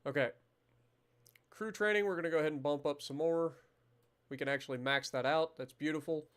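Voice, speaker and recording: A man's voice: fairly high pitch, fairly quick, a bit bright, smooth. A man in his thirties from Ohio, hosting a live gameplay stream with profane, joking tangents. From Ohio, USA. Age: 30s. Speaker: gaming livestream host. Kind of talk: casual live gameplay commentary.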